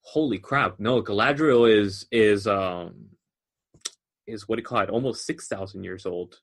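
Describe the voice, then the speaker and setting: A man's voice: on the low side, a little slow. A man co-hosting a podcast in casual chat, animatedly explaining book lore at length. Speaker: podcast co-host.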